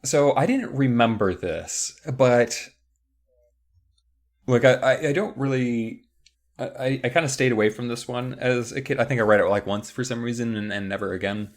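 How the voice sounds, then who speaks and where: A man's voice: medium pitch, normal speed. A man co-hosting a podcast, recapping a book in a rambling, joking casual chat. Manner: rambling, joking, lots of fillers. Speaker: podcast co-host.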